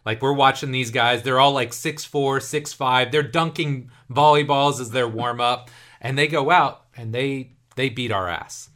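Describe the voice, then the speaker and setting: A man in his thirties hosting a podcast, telling stories in an animated way and acting out the voices he quotes. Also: mid-range voice, unhurried, hardly any pauses. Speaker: podcast host and youth coach. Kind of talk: casual podcast conversation.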